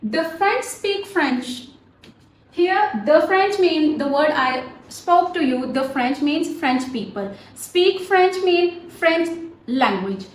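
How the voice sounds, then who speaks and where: A woman's voice: high-pitched, lively intonation, slow pace. A woman teaching English grammar, talking patiently and repeating words so learners can practice pronunciation. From Pakistan. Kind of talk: grammar lesson. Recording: roomy echo, faint background noise.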